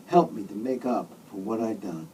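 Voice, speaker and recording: A man's voice: on the low side, moderate pace, mellow, far from the mic, slight background noise, close to an everyday voice, low-quality recording. A man voicing a remorseful bearded man who blubbers apologies and earnest prayers. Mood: pleading. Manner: weepy, apologetic, earnest praying.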